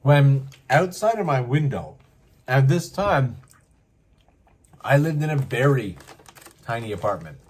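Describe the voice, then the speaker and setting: Animated, husky Canadian storyteller man. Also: mid-range voice, a little slow, long pauses. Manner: animated, acts out voices, many asides. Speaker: host. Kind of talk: casual storytelling.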